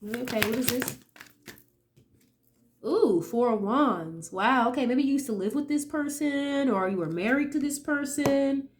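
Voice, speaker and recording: A little slow, with a high voice and lively intonation, a young woman gives a casual, chatty tarot reading, sniffling as her cold clears up. She habitually asks "okay?" and swears in an easygoing way.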